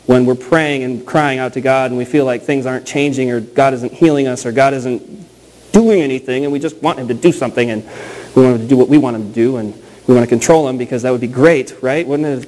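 A pastor in his thirties preaching a sermon in a conversational, storytelling way, slowing down and repeating key phrases for emphasis. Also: medium pitch, a little mellow, rough recording.

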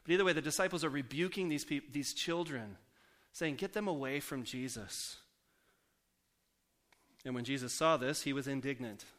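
Man preaching a conversational sermon. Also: fairly high pitch. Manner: conversational, asks the congregation questions; slows down and softens for scripture quotes.

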